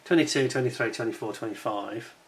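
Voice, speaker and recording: A man's voice: medium pitch, brisk. A man hosting his own channel in casual chat to camera, chatty and self-deprecating, and he laughs often. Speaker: scale-model channel host.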